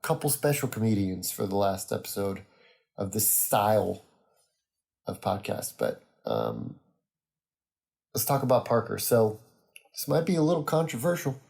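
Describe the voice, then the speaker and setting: A young man hosting a solo podcast, chatting in a rambling, easygoing way with many pauses and fillers. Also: on the low side, sing-song, vocal fry, darkish tone. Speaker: podcast host. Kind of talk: casual solo podcast monologue.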